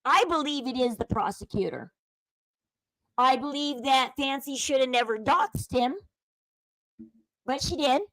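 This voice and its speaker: A woman hosting her own commentary channel, talking in a high, chatty voice. She speculates freely and slips into a hushed murmur to quote others. The sound is dry and close. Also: a little slow, long pauses, no echo, low-quality recording. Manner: chatty, speculative, drops to a low murmur when quoting others. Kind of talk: casual commentary over a video clip.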